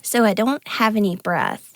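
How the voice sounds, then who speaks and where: A woman co-hosting a podcast, speaking earnestly and tearfully in a halting, confessional way. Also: mid-range voice, fairly bright tone, dry recording, clean studio sound. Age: adult with grown kids. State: tearful, near crying. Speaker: podcast co-host. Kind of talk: candid conversational podcast talk.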